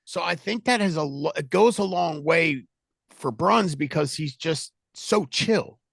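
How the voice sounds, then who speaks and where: A middle-aged man leading a sales team, talking loudly and animatedly in a casual coaching chat. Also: a little high, unhurried, gravelly, slightly rough, no room sound. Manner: loud, animated, talks with his hands.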